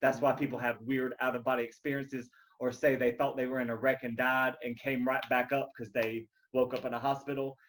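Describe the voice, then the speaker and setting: A man explains a theory in a loose podcast conversation, stumbling over his words and restarting his sentences. He rambles in a middle-pitched voice. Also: level tone, brisk, few pauses, fairly bright tone. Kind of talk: casual chat.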